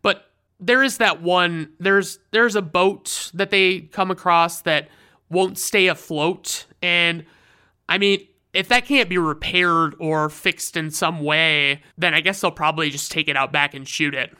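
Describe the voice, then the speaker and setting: A sarcastic, profane host recaps an old special in casual commentary. The voice is bright and crisp, with a smooth, clean tone. The asides land deadpan and dry. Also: mid-range voice, a little slow.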